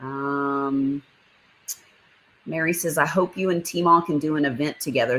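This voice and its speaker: With a deep voice and a fairly bright tone, a woman hosts a laid-back livestream at a moderate pace, reading comments and greeting viewers by name. The recording is low quality.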